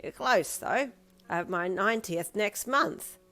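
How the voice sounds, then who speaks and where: A woman voicing a cheerful, frail old man of almost ninety who warbles his words slowly and cracks jokes. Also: mid-range voice, expressive, fairly bright tone, faint music behind. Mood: jolly. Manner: warbling, jokey, slow drawl. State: short of breath.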